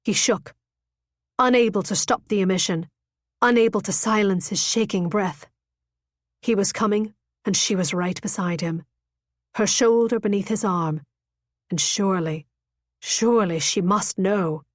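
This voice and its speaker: A woman reads a romance novel aloud in an intimate, measured way. Her voice sits in a middle pitch, neither high nor low. The recording is dry and close, with no room echo. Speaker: audiobook narrator. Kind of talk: scripted romance narration.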